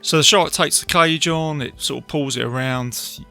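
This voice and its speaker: A man talks through a film review on his own podcast, rambling a little and retelling scenes with plenty of fillers. His voice is bright and edged, with a steady gravelly fry. Faint music plays behind him. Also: fairly high pitch, moderate pace. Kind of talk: casual solo film review. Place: beach outdoors.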